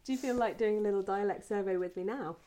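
A woman's voice: mid-range voice, fast talker, warm tone. A woman running a dialect survey interview, giving short polite prompts and thanks.

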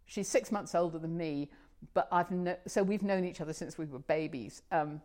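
Low-voiced older woman reminiscing. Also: normal speed, darkish tone. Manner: chatty, rambling with many restarts and fillers. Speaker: interviewee. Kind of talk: oral history interview.

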